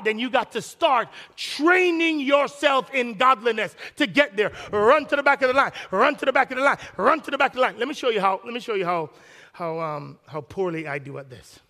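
A high-voiced, bright-sounding man delivers an animated sermon as pastor. He hammers phrases again and again for emphasis, and his voice rings out through a large hall with a long echo. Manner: animated, acts out quoted dialogue, repeats phrases for emphasis.

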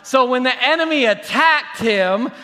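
A man preaching in a high, bright voice that carries through a church hall with a long echo. He is animated and sometimes pokes fun at overdone prayer habits. The sound is roomy, heard from the congregation's side. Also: unhurried. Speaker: pastor. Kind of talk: sermon. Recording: reverberant hall.

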